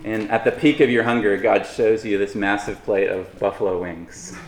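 A man with a fairly low voice delivers a sermon in an easy, conversational manner, breaking in with light humor. The room is echoey, so his words carry a roomy sound. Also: steady tone, moderate pace, over a noisy crowd. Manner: conversational preaching with asides and humor. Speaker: pastor.

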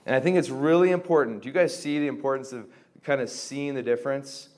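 A fast-talking young man with a mid-range, slightly mellow voice gives a casual group teaching on reconciling relationships. Conversational and full of fillers, this Christian formation teacher acts out quoted conversations.

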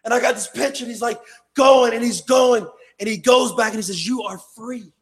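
Male pastor very high voice, impassioned sermon, swings from loud to hushed. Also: fairly quick. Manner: impassioned, shouting and then dropping low.

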